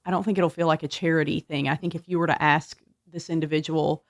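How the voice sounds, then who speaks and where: A woman's voice: low voice, level tone, fast talker, dry recording, studio quality. A woman guest on a radio talk show, speaking thoughtfully and hesitantly with many fillers. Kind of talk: casual radio chat.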